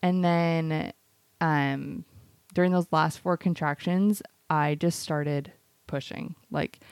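Gravelly, low-voiced woman telling a story. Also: steady tone, slow, a little mellow, no room sound. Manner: rambling storyteller with frequent "like". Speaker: podcast co-host. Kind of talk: casual podcast chat.

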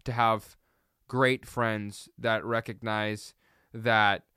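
A man hosting a solo sports podcast, ranting in an animated, sarcastic way and rambling with self-corrections. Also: fairly low pitch, very slow, smooth, no echo, clean studio sound.

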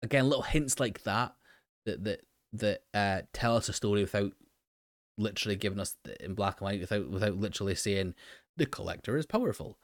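Male recap host, low-pitched and dry, casual and rambling, stumbles over restarts. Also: fairly even intonation, fairly quick, dry recording. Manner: rambling, many fillers and restarts. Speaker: show host recapping an episode. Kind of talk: casual commentary.

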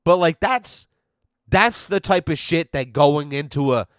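A man's voice: on the high side, expressive, unhurried, no room sound, clean studio sound. A young man hosting a podcast, telling a casual story in a profane, exasperated way and acting out what others said. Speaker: podcast host.

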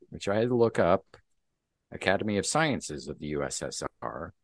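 A deep-voiced man talking casually on a comics podcast. His pitch swings widely as he recaps the plot and drops into the characters' lines. The sound is dry and close. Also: lively intonation, normal speed, no echo. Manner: recaps the plot and acts out the dialogue. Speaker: podcast host. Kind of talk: casual comic book chat.

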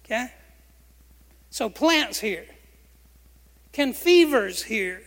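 Man, very high pitch, pastor preaching, emphatic, questions to the congregation, church sanctuary. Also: expressive, extremely slow, fairly bright tone. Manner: emphatic, asks the congregation questions and has them repeat phrases. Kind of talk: sermon. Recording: long reverb of a hall.

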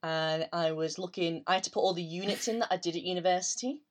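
A young woman with a fairly low voice talks bluntly in a casual podcast chat. She swears freely and drops in slangy turns of phrase. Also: fast. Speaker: podcast co-host.

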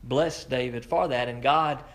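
A man preaching a sermon in an earnest manner, reading scripture and then explaining it, rising in pitch as he presses his point. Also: a little slow, fairly bright tone. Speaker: pastor.

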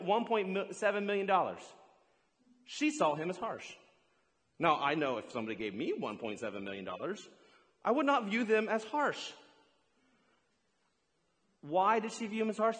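A man preaching a lively sermon, drawing the congregation in and cheering them on. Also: high-pitched. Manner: energetic, hypes up the crowd. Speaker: pastor. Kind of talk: sermon with audience participation. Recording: long hall reverb.

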